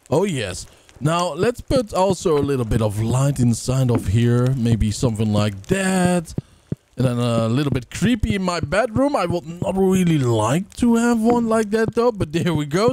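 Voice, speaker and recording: A man's voice: high voice, darkish tone, a little hiss or hum. A man giving casual let's play commentary, chatting to the game characters as he plays. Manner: chatty, talks to game characters, hums and sings. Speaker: gamer. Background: game music.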